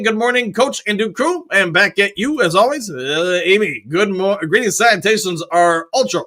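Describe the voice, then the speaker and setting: A man's voice: high voice, pushed and bright. A man hosting a live stream, reading out viewer comments in an upbeat, chatty way. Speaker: host.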